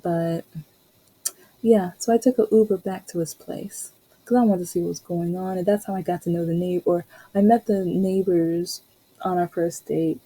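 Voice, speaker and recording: A woman's voice: on the low side, fairly even intonation, moderate pace, dark tone, slightly rough, rough recording. A young adult woman hosting a podcast, chatting casually and rambling through a personal story with frequent laughs. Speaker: podcast host.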